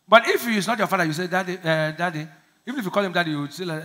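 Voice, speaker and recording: A Nigerian male pastor preaches a lively sermon at a racing pace in a high, ringing voice. He laughs through his points, calls on the congregation to answer back, and mimics timid prayers in small voices.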